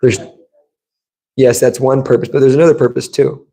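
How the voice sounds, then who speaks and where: A man speaks to a temple congregation in a relaxed, storytelling manner. His voice is gravelly and dark, with a mellow tone. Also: mid-range voice, normal speed, poor audio. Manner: conversational storytelling, acts out quotes. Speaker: temple speaker giving a scripture class. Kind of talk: sermon. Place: temple room.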